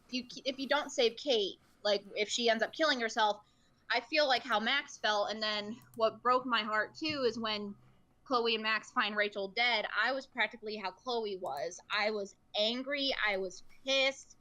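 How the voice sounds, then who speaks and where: A woman talking in a casual podcast chat with a bright, forceful voice set a little high. She sounds earnest and emotional and rambles with plenty of fillers. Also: normal speed. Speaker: podcast guest, streamer.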